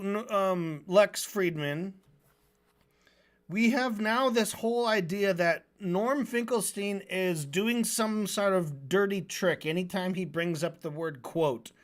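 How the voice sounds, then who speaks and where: A streamer reviewing a debate in a casual, sarcastic, rambling way, often restarting mid-sentence. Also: mid-range voice.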